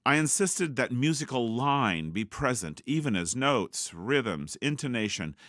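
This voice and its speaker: A man narrating an educational video in a measured, explanatory way. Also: mid-range voice, big pitch swings, a bit bright, no room sound, studio quality. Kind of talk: documentary narration.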